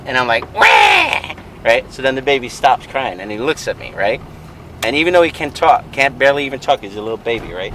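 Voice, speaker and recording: A man's voice: medium pitch, quick pace, a little hiss or hum, poor audio. A man, a father, telling a made-up story as a joke, swearing it's true and tagging his lines with "right?". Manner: keeps insisting it's true, laughs often, tags lines with "right?"; loudly mimics baby wails. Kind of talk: joking tall tale, mock-serious.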